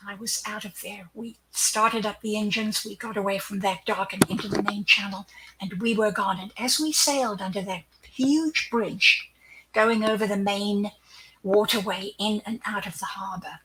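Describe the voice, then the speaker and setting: An older woman, a guest in an interview, telling a personal story with animation. She acts out the quoted dialogue and sometimes drops into a hushed aside. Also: medium pitch, steady tone, normal speed, low-quality recording.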